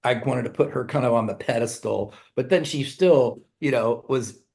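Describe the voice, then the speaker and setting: In a relaxed interview, a middle-aged songwriter who sings in a band tells meandering stories at normal speed in a gravelly mid-range voice. He animates quotes with raised voices, swears without restraint, and laughs a lot.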